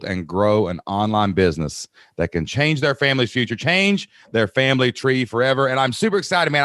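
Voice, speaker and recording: A man's voice: mid-range voice, a bit bright, dry recording, clean studio sound. A man from Southeast Kentucky with an Appalachian mountain accent, hosting a podcast in an upbeat, folksy, chatty way. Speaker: podcast host. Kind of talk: casual podcast conversation.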